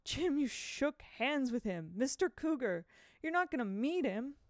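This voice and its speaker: A woman's voice: mid-range voice, moderate pace, darkish tone, no room sound, clean studio sound, close to an everyday voice. A woman voicing a frightened young boy who pleads urgently in a breathless rush. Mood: frantic.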